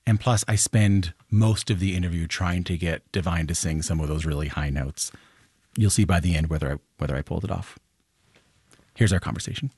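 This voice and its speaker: A man's voice: fairly quick, a little mellow, slightly rough, dry recording. A man hosting a radio interview, chatty and easygoing. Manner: easygoing and chatty, jokes about singing high. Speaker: radio host. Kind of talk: broadcast interview. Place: radio studio. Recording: dry studio sound.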